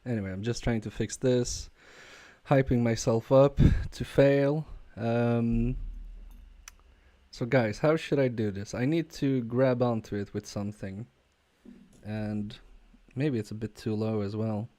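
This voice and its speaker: A man casually chatting with viewers on a live stream while repairing a game controller, talking haltingly with fillers and restarts. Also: medium pitch, fairly even intonation, mellow. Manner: halting, many fillers and restarts, chuckling asides. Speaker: repair livestreamer.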